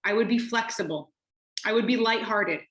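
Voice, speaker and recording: A woman coach on a group coaching call, calmly listing steps one after another. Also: a little high, normal speed, reverberant. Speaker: life coach.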